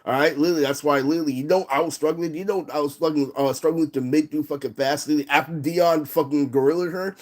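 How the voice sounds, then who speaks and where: Fast-talking profane man ranting. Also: on the high side, steady tone, darkish tone. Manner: rambling and profane, with constant fillers. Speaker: livestreamer. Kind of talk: rambling livestream rant.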